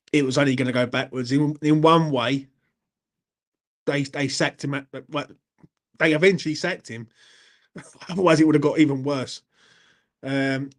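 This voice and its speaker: A man hosts a fan channel live stream, chatting casually and answering viewers. He rambles in a matey way and swears freely. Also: medium pitch. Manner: rambling and matey, swears, keeps asking "you know what I mean".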